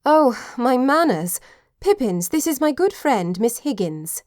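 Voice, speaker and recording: A woman voicing a warm, lively young lady with bright, eager speech. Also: high-pitched, a little slow, dry recording, clean studio sound, voice pushed up.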